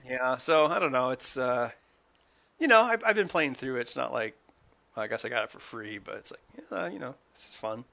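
A man in casual conversation about video games, talking in an animated, halting way. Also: medium pitch, vocal fry. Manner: animated, halting, restarts often.

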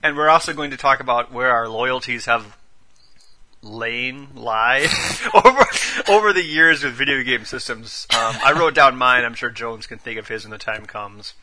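A young man hosting a podcast in relaxed, joking casual chat. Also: mid-range voice, fairly quick, few pauses. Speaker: podcast host.

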